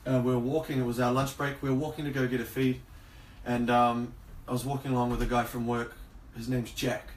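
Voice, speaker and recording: A man's voice: medium pitch, level tone, a little fast. A man co-hosting a podcast, chatting casually and rambling through stories with plenty of swearing. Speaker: podcast co-host. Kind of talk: casual chat. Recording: roomy, distant from the mic, faint noise.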